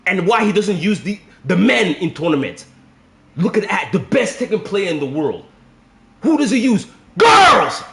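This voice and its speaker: High, lively-pitched man in a profane gaming rant. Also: moderate pace, creaky, reverberant. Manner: swings between low grumbling and shouted outbursts. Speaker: fighting game content creator.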